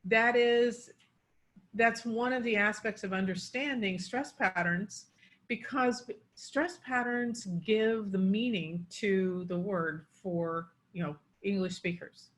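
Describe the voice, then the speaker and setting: A woman's voice: medium pitch, slow, a bit bright. Woman coaching pronunciation. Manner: explanatory, demonstrates word stress. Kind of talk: explaining pronunciation.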